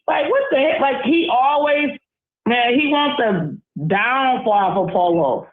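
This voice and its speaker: A woman's voice: high-pitched, animated, unhurried. A woman calling in to a show, ranting in a heated, profane, rambling way full of fillers. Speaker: caller. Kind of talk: casual call-in rant. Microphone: phone. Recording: tinny phone line, echoey.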